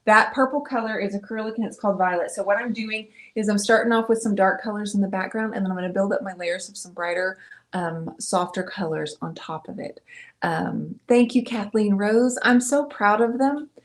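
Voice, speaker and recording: A chatty, upbeat middle-aged woman hosts a live painting stream. She talks through each brushstroke in a casual, friendly way, her voice sitting in an ordinary middle pitch. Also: fairly even intonation, moderate pace.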